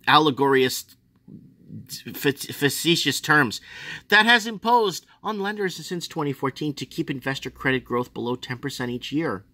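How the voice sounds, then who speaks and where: A man's voice: sharp tone, no echo. Sarcastic man ranting over finance news. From Australia. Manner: sarcastic, swings from muttering to mocking high outbursts. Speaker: finance commentator.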